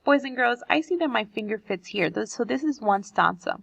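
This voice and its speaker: A woman's voice: medium pitch, expressive, a little fast, creaky, breathy edge, dry recording, rough recording. A woman teacher reading a poem aloud to children and explaining it, asking the class questions as she goes.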